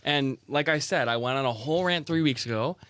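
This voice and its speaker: A man's voice: mid-range voice, brisk, a bit bright. A young man co-hosting a football chat show, emphatic and gloating as he makes his point. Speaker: podcast co-host.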